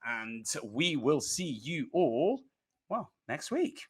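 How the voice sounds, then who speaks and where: A man's voice: a little high, sing-song, slow, slightly rough. A man hosting a casual rugby podcast, chatty and prompting his guests with questions, often restarting his sentences. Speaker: podcast host.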